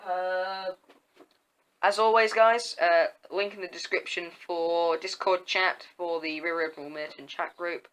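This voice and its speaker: A young man reading his own homemade diary story aloud, halting often and restarting words. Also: high-pitched, fairly even intonation, a bit bright, clean tone, rough recording. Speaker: story reader and channel host.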